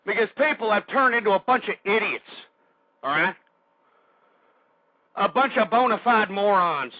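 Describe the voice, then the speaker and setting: Angry male radio host, high-pitched voice, insulting rant, dry muffled stream. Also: lively intonation, moderate pace, dry recording. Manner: angry, insulting, addresses listeners as folks.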